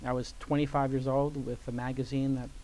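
A man's voice: medium pitch, a little fast, slight background noise. A man telling a long anecdote in an interview, acting out the voices of the people in it and using a lot of "like" as filler. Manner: animated storyteller who acts out quoted voices, many "like" fillers. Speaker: guest. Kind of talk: storytelling interview. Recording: live event with audience.

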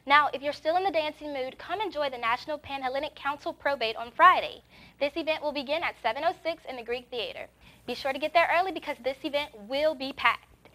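A woman's voice: high-pitched, quick pace, sharp tone. Cheerful young woman announcing events. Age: young adult. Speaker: campus events presenter. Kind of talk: scripted announcements.

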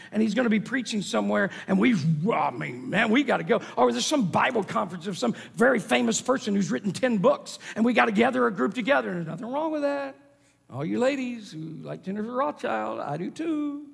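A middle-aged man preaching a sermon as pastor, swinging dramatically between shouting and whispering. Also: sits high, gravelly, slightly rough. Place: large church sanctuary. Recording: echoey church hall.

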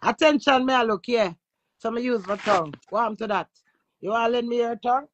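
Brash, profane Jamaican woman, fairly high voice. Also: brisk, lo-fi sound, a little hiss or hum. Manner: loud, profane and boastful. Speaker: social media influencer. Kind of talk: brash casual talk in patois.

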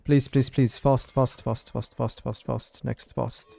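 A man's voice: mid-range voice, little pitch movement, unhurried, vocal fry, warm tone. A man streaming his live gameplay with frustrated, swearing commentary, often chanting words over and over. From Europe.

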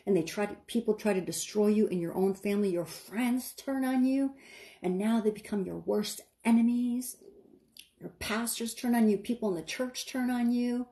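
A woman's voice: fairly high pitch, brisk, hardly any pauses, warm tone. A woman giving an impassioned online sermon, dramatic and urgent, repeating phrases and speaking straight to her listeners. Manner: addresses listeners directly and casually. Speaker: online preacher.

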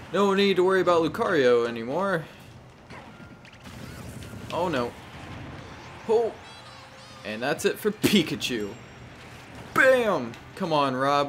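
A young man giving casual, animated commentary while playing a video game, talking to the characters on screen and often exclaiming. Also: fairly high pitch. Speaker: gameplay commentator. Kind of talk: casual live gameplay commentary.

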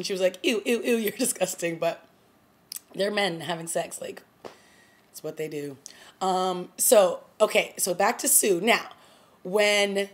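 A woman's voice: lowish voice, darkish tone. A woman talking casually to camera as a TV review vlogger, retelling scenes with quoted lines and small laughs. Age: adult. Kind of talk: casual chat.

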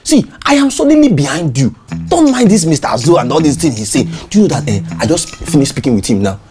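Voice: mid-range voice, big pitch swings, quick pace, over music, natural voice. An actor playing a scheming two-faced neighbour who soothes and plots, full of fillers and stammers, with a Nigerian accent.

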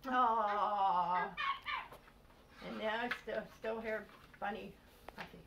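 An older woman reading a bedtime storybook aloud to a child, gently explaining and prompting as she goes. It is a distant home recording with noise behind. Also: on the high side, measured pace, roomy sound. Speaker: grandmother reading bedtime stories.

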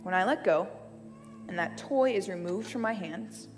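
A woman's voice: mid-range voice, normal speed. A woman preaching in a sermon, weaving a personal story with light, playful asides. Her voice carries a long hall reverb, with faint music underneath. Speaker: church speaker. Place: church hall.

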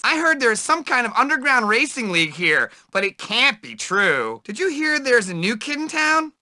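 A man's voice: very high-pitched, bright, forceful tone, no room sound, exaggerated voice. A man voicing a timid, lonely nerdy teenage boy in a video game, eager and self-pitying as he keeps begging for friends. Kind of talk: game voice lines.

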